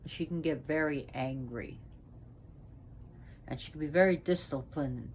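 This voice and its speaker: Low-pitched woman, priestess giving a talk, unwell and short of breath, slow and halting, faint noise in the background. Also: a little mellow. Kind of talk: spoken talk on mythology.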